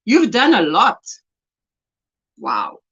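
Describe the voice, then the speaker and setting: A woman from South Africa hosting a casual crochet livestream, chatty and animated, gushing over yarn and reading viewer comments aloud. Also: mid-range voice, very slow, husky. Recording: dull lo-fi livestream audio.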